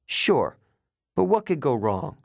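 A man's voice: medium pitch, big pitch swings, slow pace, creaky, dry recording, clean studio sound, exaggerated voice. A man voicing a timid young satyr boy who is eager to help but easily hurt. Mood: reassuring.

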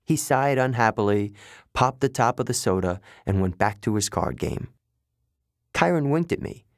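A male narrator reads a first-person story in a steady, matter-of-fact way. His voice sits at a middling pitch, recorded dry and close with no room sound. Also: normal speed, no echo. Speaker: audiobook narrator.

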